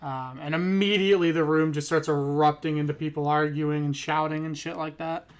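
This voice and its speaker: A man's voice: a little high, steady tone, brisk, smooth. A man narrating as game master in a tabletop role-playing game, casual, laughing often and swearing freely.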